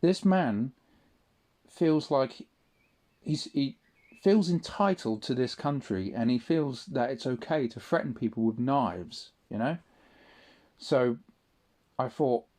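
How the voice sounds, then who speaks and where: A man's voice: medium pitch, expressive, slow, long pauses, a little mellow. A man in a casual spoken monologue, rambling and swearing often, with frequent restarts. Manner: rambling, profane, restarts a lot. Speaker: audio diarist.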